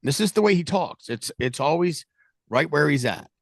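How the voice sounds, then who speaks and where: A middle-aged man leading a sales team, talking loudly and animatedly in a casual coaching chat. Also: fairly high pitch, moderate pace, vocal fry, no echo. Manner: loud, animated, talks with his hands.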